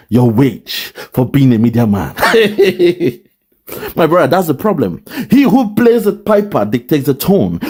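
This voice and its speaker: A man's voice: medium pitch, a little mellow, slightly rough. A man delivering an impassioned, preachy monologue that scolds a rival, repeating his points. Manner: preachy, repetitive, scolding, with mocking laughs. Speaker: online political commentator.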